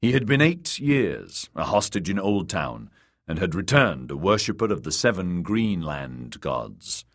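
A man narrating an audiobook with expressive storytelling. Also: low-pitched, a little slow. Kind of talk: scripted narration.

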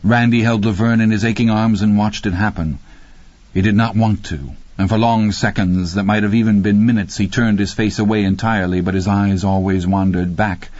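A man narrating a horror audiobook in a measured, grim, deliberate way. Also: fairly low pitch, fairly even intonation, a little mellow, no room sound. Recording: dry, slightly muffled studio read.

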